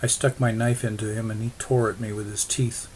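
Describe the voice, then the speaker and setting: A man's voice: lowish voice, level tone, brisk, a little mellow, a little hiss or hum, natural voice, low-quality recording. A man voicing a young wife and mother who talks in simple, direct phrases. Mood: shaken. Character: young mother and wife, earnest, plain-spoken.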